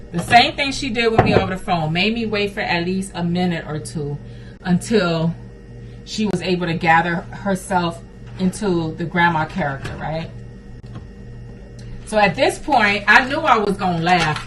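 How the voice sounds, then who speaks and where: A Haitian woman who recruits for remote jobs and vlogs tells viewers a story in a fairly low voice over a noisy background. She's chatty and amused, animated throughout, tossing in frequent asides like "right, y'all?"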